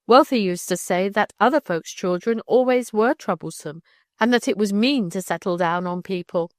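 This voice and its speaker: A woman voicing a timid, wistful orphaned young girl who speaks softly and hesitantly. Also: medium pitch, normal speed, dry recording, clean studio sound, close to an everyday voice. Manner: soft, hesitant, tearful.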